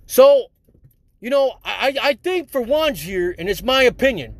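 A man's voice: lively intonation, unhurried. A man hosting a solo podcast, ranting angrily with heavy swearing and repeatedly addressing his listeners as folks. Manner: angry, profane, ranting; repeats "folks", drops low on it. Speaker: podcast host.

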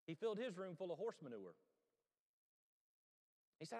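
A man's voice: high-pitched, moderate pace, long reverb tail. A male pastor preaching a sermon, telling a story and asking his listeners questions. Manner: storytelling, animated, asks the crowd questions. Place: church sanctuary.

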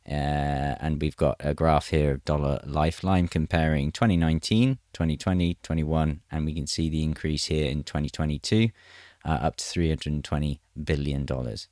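A man's voice: very deep voice, steady tone, normal speed, darkish tone, no echo, studio quality. A man reading a news article aloud and breaking off for chatty, wry asides to his viewers. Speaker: news commentator.

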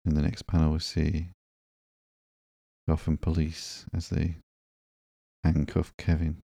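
Brief: male host, slow sleep-story comic reading, very low, flat pitch, dry close mic. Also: creaky, no echo. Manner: soft, monotone narration. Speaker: podcast host.

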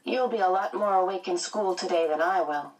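A woman's voice: lowish voice, a little fast, distant mic, lightly acted, low-quality recording. A woman voicing a brash, protective young boy who speaks with indignant confidence.

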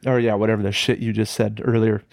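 Fields: Sex: man. Style: casual podcast chat. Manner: jokey, profane, excitable. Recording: dry, close. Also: fairly low pitch, fast talker, vocal fry, dry recording. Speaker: podcast co-host reviewing films.

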